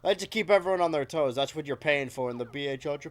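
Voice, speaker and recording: A man's voice: on the high side, fast talker, hardly any pauses. A man casually commenting as he plays a video game on stream, joking with his chat. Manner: joking, animated, talking to chat while playing.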